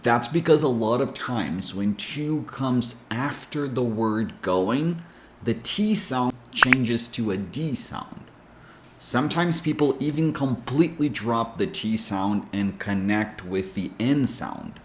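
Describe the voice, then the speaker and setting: Slow, deliberate male English teacher. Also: mid-range voice, lively intonation, a little hiss or hum. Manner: clear, deliberate explanation with sounds spelled out. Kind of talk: scripted lesson explanation. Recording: echoey room.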